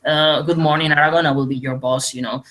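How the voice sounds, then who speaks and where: A man from Spain with a Spanish accent, talking very fast and excitably in a casual group chat. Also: fairly high pitch. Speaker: podcast regular.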